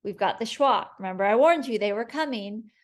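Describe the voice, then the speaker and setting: A woman teacher leading a phonics spelling lesson, sounding out each word slowly and clearly for young learners. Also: fairly high pitch, animated. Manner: slow, clear, patient sounding-out of words.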